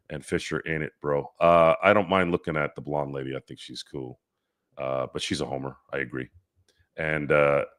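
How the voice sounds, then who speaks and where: A low-voiced man hosts a casual sports live stream. He reads viewers' comments and fires back at them, arguing in rambling sentences full of restarts. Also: a bit bright.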